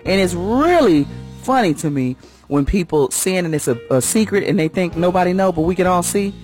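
A fervent woman giving a sermon-style message on morning radio. Her voice swings widely, dropping low and then leaping high for emphasis. She speaks with a folksy, heartfelt conviction. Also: expressive, brisk, darkish tone, faint music behind. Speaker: radio host and church first lady.

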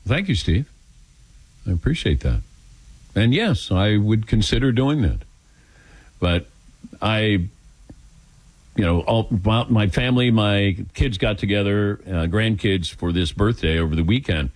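Older man, radio host, casual call-in chat, lively pitch, dry close sound, self-deprecating storyteller. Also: measured pace, pauses often, dry recording. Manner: self-deprecating, animated storytelling with acted-out quotes. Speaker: radio talk show host.

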